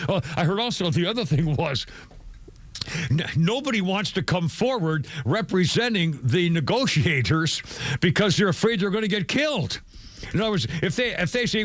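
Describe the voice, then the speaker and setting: Radio host guy, kinda high voice, stutters and restarts a lot, dry studio sound. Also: no echo. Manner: rambling with frequent stammers and restarts. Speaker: radio talk show host. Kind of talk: casual talk radio commentary. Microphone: studio microphone.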